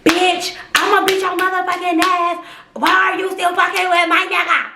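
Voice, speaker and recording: A woman acting out a young jealous girlfriend who shouts threats. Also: very high-pitched, level tone, moderate pace, echoey room, slight background noise. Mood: furious.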